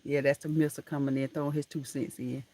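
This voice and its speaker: A woman's voice: rumbling low, level tone, fast, warm tone. A woman hosting a casual live stream from a room at home, chatting affectionately with viewers and laughing often. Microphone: laptop camera mic.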